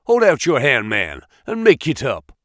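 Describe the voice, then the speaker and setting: A man's voice: mid-range voice, wildly swooping pitch, measured pace, no echo, clean studio sound. A man voicing a burly, menacing male gang boss with a growling, mocking manner in an audiobook. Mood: soothing.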